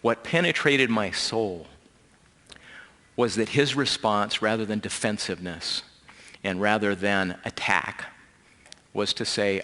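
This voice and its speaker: A man giving a talk, telling a personal story in an earnest way that turns quiet and emotional. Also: fairly low pitch, slow, long pauses. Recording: long hall reverb.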